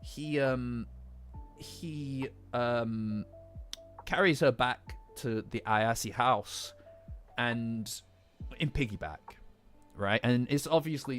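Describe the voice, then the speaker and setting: A man from England with a Midlands accent, recovering from the flu, chatting casually on a live stream and rambling with many restarts and casual swearing. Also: mid-range voice. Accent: English Midlands. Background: faint lofi music.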